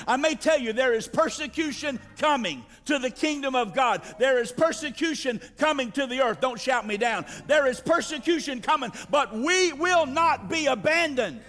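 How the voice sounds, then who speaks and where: A male pastor preaching a sermon, building to shouted climaxes and calling for responses from the congregation. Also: extremely high pitch, animated, moderate pace, few pauses, long reverb tail.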